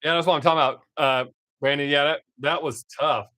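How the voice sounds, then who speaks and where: A man's voice: a little high, steady tone, fairly quick, pushed and bright, dry recording, studio quality. A man hosting his own live stream, chatting casually with viewers, reading their comments and swearing freely. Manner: profane, laid-back, talks to chat viewers by name.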